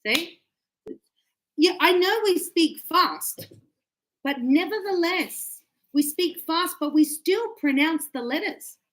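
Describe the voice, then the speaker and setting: A woman teaching an English grammar lesson to a class, animated and teasing, acting out her students' replies. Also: very high voice, takes it slowly.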